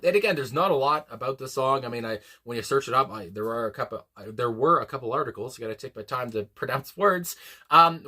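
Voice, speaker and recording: A man's voice: mid-range voice, bright, forceful tone. Rambling man reacting to a song. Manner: rambling, full of fillers and restarts, exclaims "my God". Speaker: music reaction video host. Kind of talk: casual unscripted reaction commentary.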